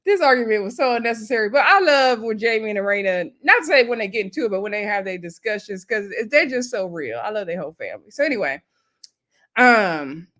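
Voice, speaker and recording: A woman's voice: mid-range voice, animated, quick pace, fairly bright tone. A woman casually recapping a reality TV episode, chatty and opinionated, laughing often and dropping slangy asides.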